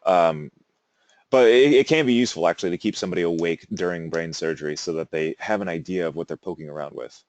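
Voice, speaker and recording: A man teaches a class in a loose, conversational way, often drifting into amused asides. His voice sits on the low side. The recording is dry and close, with no room echo. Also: fast talker, darkish tone. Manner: casual, rambling, self-amused asides. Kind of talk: classroom lecture.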